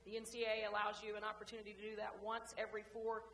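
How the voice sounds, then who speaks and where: A woman coach giving an after-lunch club speech, telling a joke story in a folksy, lively way. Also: mid-range voice, racing. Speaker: guest speaker, women's basketball coach. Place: large banquet room. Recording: echoey room, faint hum.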